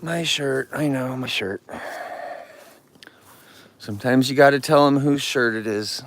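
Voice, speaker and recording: A man's voice: mid-range voice, slow pace, pauses often, no room sound. A man live-streaming outdoors near bears, ranting about rude viewers and scolding the animals in a rambling chat.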